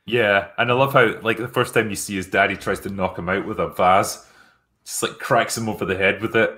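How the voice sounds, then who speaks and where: A man's voice: fairly low pitch, steady tone, brisk, bright, forceful tone. A man chatting casually about a film, rambling with lots of fillers and laughing often.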